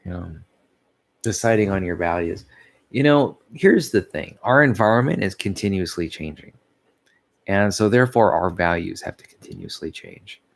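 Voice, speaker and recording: A tired, sleepy man vlogs in a low, animated voice with vocal fry, speaking at a normal speed. He rambles casually, yawns, loses his thread, and chuckles softly at himself.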